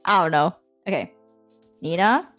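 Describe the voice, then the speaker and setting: A woman's voice: lowish voice, lively intonation, unhurried, a bit bright, faint music behind. A young woman from Southeast Asia chatting casually on a stream call, teasing and then reading a heartfelt letter aloud. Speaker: guest streamer.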